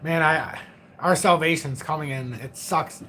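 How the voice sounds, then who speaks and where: A man in his forties hosts a crypto livestream, chatting casually in a rambling, joking, self-deprecating way. His voice is fairly high, bright and forceful, at a measured pace, with a little hiss or hum.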